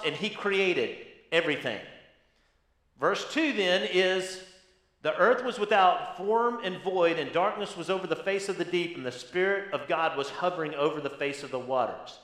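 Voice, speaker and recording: Pastor guy preaching, high bright voice, kinda emphatic, echoey church room. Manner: emphatic teaching, rhetorical questions. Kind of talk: sermon.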